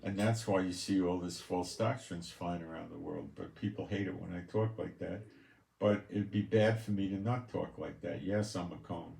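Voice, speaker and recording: A man's voice: low voice, fairly even intonation, normal speed, creaky. A man preaching from scripture, reading verses aloud and adding blunt, scornful commentary. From Israel. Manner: blunt and scornful, stressing scripture passages loudly. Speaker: preacher and Bible teacher. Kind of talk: Bible-reading sermon with commentary. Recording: echoey room.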